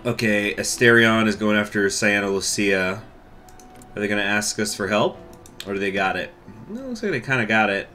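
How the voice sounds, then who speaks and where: A man giving casual let's-play commentary on a strategy game, thinking aloud, with hiccups, coughs and throat clearing. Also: on the low side, animated, normal speed, sharp tone, faint music behind. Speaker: gaming YouTuber.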